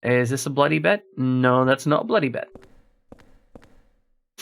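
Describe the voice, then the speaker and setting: A man's voice: mid-range voice, expressive, unhurried, vocal fry. A man streaming a horror game, talking casually through a puzzle and chatting to his viewers as he plays. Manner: thinks aloud while solving a puzzle, chats to viewers. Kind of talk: casual gameplay commentary.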